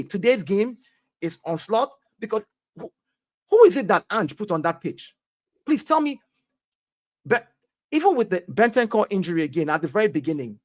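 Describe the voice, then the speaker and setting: A man arguing football with insistence, repeating his lines to hold the floor. His voice sits high, and the sound is dry and close. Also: no room sound. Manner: insistent, repeats himself, talks over others. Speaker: panelist. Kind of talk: heated casual football talk.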